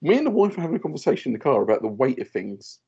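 A man in his thirties, a podcast co-host telling animated stories in casual chat and acting out what others said. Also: medium pitch, very fast, breathy edge, dull audio. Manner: animated storyteller, acts out quoted voices.

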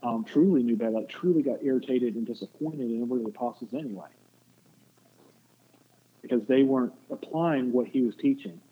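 A man's voice: medium pitch, a little fast, breathy edge. Male guest, casual faith talk, rambling, tinny line. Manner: rambling, restarts often, acts out quotes. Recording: muffled phone-like line with faint noise.

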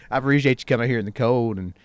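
A man hosting a casual interview, talking fast and rambling in a friendly way. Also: medium pitch, clear, resonant tone, no echo. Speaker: host. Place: outdoor gazebo on a cold evening.

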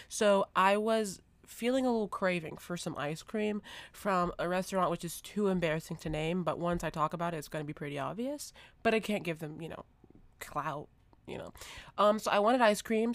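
Young woman podcast co-host, animated rambling storyteller, dry close-miked sound. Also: lowish voice, no room sound. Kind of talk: casual chat, anecdote telling.

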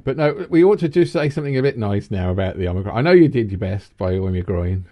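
Man in his fifties hosting a casual chat, voice that swings up and down a lot, rambles on, laughs easy. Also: fast. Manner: animated, rambling, breaks into high laughs. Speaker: co-host. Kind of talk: casual banter.

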